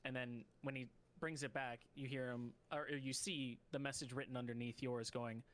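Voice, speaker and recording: A man serving as game master narrates a tabletop game haltingly, restarting often. His mid-range voice is level and a bit bright, with a little hiss or hum in the recording.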